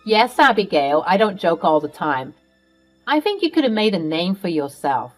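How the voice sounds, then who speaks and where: A woman voicing a scheming older mother-in-law who talks loudly and teases, over faint music. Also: on the low side, big pitch swings, moderate pace. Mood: earnest.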